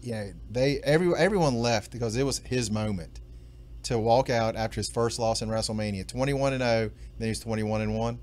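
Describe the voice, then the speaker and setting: A man co-hosting a casual podcast chat, recalling events in a halting way with many restarts. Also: mid-range voice. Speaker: podcast co-host.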